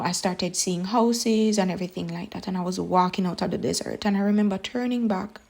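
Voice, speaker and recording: A young woman telling her personal faith testimony in an earnest, halting way, with many pauses and fillers. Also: lowish voice. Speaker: testimony speaker.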